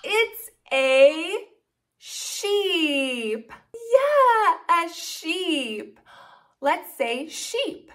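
A woman hosting a toddler learning video, speaking slowly and sounding out words in an exaggerated teaching manner. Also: very high voice, big pitch swings, fairly bright tone. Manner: slow, exaggerated, sing-song teaching to toddlers. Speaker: children's educational video host. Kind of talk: toddler speech lesson.

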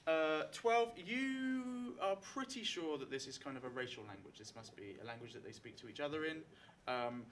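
A man's voice: fairly high pitch, lively intonation, moderate pace, hardly any pauses, a bit bright, a little hiss or hum. A man narrating a tabletop game as game master before a live audience, chatty and full of fillers. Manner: hesitant, many fillers, chatty.

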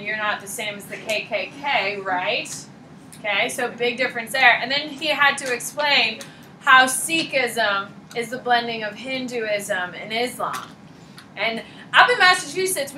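A high, bright-voiced woman teacher giving a chatty, informal lecture and poking fun at herself while running low on sleep. Her voice rings around a roomy classroom. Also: slight background noise. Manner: chatty, informal, self-deprecating. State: short on sleep.

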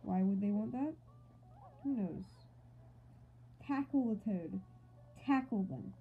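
A woman's voice: medium pitch, lively intonation, slow, slightly rough. Playful woman, thin phone-like audio. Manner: playful, goofy asides and mock outrage. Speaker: gameplay commentator. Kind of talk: casual gameplay commentary.

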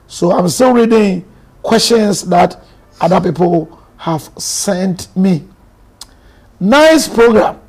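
A man's voice: high voice, creaky, a little mellow, slightly rough. A man with a Ghanaian accent, a bishop and marriage counselor, giving earnest, emphatic pastoral counsel on a live stream and moving between Twi and English.

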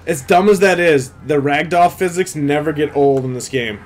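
A young man giving loud, swearing live commentary while playing a video game, often shouting at it. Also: fairly high pitch, measured pace. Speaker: gameplay streamer. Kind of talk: live let's-play commentary.

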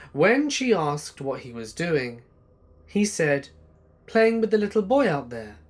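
A man reading true scary stories aloud as a narrator, slow and hushed, letting his voice sink low at the ends of lines. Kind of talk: scripted horror narration.

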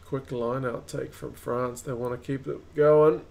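Brief: New Zealand man, home-streamed rugby watch-along, casual live calls, mid-pitch. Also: fairly even intonation, gravelly, warm tone, slight background noise. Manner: rises and quickens at close plays. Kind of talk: live match commentary and chat.

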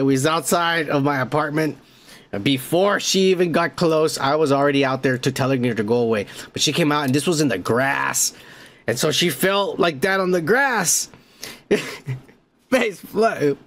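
A podcast host with a fairly high voice for a man. He swears freely and rambles through a story in a casual comedic way, laughing as he goes. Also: a bit bright.

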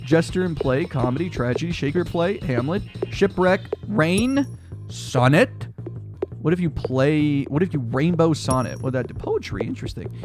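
Young guy talking to himself while he plays, pitch jumps all over, kinda high, faint music behind. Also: normal speed. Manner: muttering to himself, excitable outbursts. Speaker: gaming video host. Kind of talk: casual gaming commentary.

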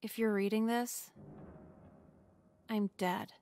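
A woman's voice: medium pitch, steady tone, takes it slowly, slight background noise, natural voice. Nicole, a woman as a bitter cynical teen girl. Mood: cold, bitter. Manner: sharp, cold, sardonic. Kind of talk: video game voice acting.

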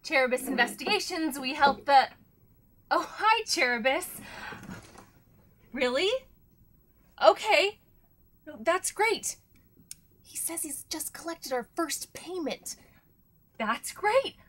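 A woman's voice: sits high, animated, takes it slowly, pauses often, a bit bright, heavily acted. An actress playing a bubbly, eager young woman answering the office phone in a comic audio drama. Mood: chirpy. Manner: eager, chirpy.

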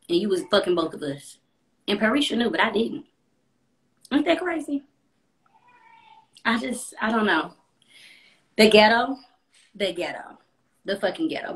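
A woman's voice: fairly high pitch, fairly bright tone. A young woman livestreaming from her apartment, telling a personal story in a blunt, profane, chatty way. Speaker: live streamer. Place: apartment room at home.

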